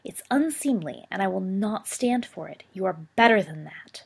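A woman voicing a stern aristocratic father who speaks in a cold, quiet, menacing way. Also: on the high side, lively intonation, unhurried, creaky, breathy edge, pitched above the performer's own voice, exaggerated voice. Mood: cold fury.

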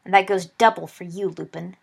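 A woman's voice: fairly even intonation, fairly quick, creaky, breathy edge, full character voice. Snape, a woman voicing a hissing teenage boy. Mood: spiteful. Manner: hissing, snarling, low and menacing. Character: sullen hostile teenage wizard boy.

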